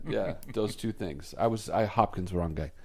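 A man co-hosting a morning show, trading loud teasing banter with quick exclamations. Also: sits low, vocal fry. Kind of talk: casual joking banter. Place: studio, also on video.

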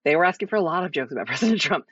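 An American man being interviewed, talking casually and lively, often restarting his sentences. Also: high voice, rapid-fire, slightly rough, dry recording. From United States. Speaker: guest. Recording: slightly dull lo-fi sound.

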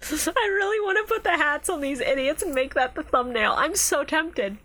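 High, bright-voiced woman podcast co-host. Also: animated, normal speed. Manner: giggly, explains anime lore in detail. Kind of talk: casual chat.

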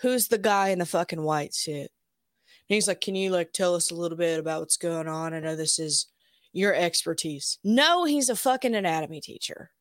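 A young woman co-hosting a podcast, retelling scenes in a profane, animated, laughing way. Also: on the low side, normal speed, no echo, clean studio sound. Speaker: podcast co-host. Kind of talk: casual chat.

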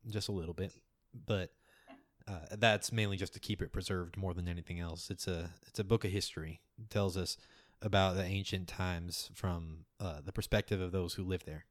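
A man voicing a formal, mysterious male scholar who guides the party, speaking in a measured, somewhat hesitant way. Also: deep voice, fairly even intonation, no echo, clean studio sound, close to an everyday voice. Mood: earnest.

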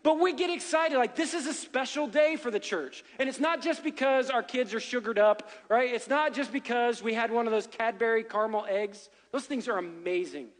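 A man's voice: very high-pitched, moderate pace, few pauses, big-room sound. A middle-aged man preaching as a pastor, chatty and joking, often checking in with "right?". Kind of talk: sermon. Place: church sanctuary.

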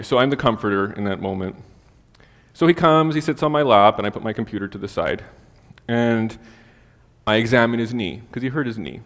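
A man preaching a sermon, telling a casual personal story full of fillers before turning to scripture. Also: fairly low pitch. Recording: long hall reverb.

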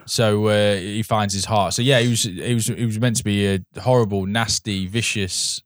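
Male podcast co-host, low voice, dry sound, chatty and meandering. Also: fairly even intonation, normal speed, dry recording. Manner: rambling, trails off with fillers. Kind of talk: casual film chat.

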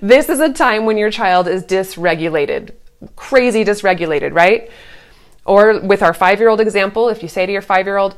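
A woman's voice: mid-range voice, moderate pace, clean tone. A woman in her thirties giving casual parenting advice, earnest and reassuring, now and then putting on a sweet sing-song voice when she acts out what a parent might say. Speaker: parenting coach.

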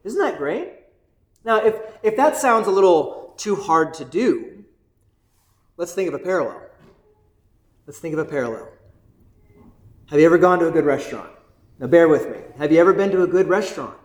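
A male pastor preaching a sermon in an energetic, conversational way, often checking in with the congregation. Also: a little high, moderate pace, long pauses, echoey room. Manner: energetic, conversational, keeps asking "right?"; excited, bouncing while preaching.

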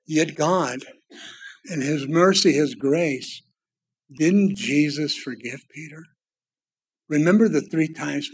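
A man preaching a sermon, swinging between loud exclamations and hushed, quiet passages. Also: fairly high pitch, expressive, unhurried, slightly rough. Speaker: pastor.

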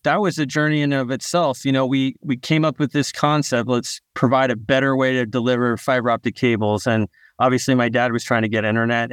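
A man, a startup founder, answering podcast interview questions in a relaxed storytelling way, often repeating a word as he restarts. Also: medium pitch, clean tone, dry recording, clean studio sound.

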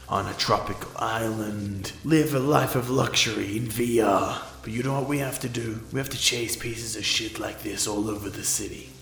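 Man voicing a brutal cop partner, gravelly and menacing, echoey room. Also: medium pitch, fairly bright tone. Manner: intense, threatening, gravelly. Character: violent, enraged male cop partner, ruthless.

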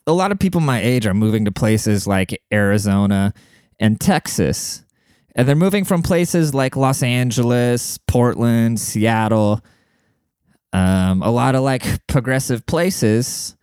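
A man's voice: mid-range voice, a little mellow, clean tone, dry recording, clean studio sound. A young man hosting a casual solo podcast from home, talking in a crude, rambling and sarcastic way. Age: young adult. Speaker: podcast host. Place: home room with a cat.

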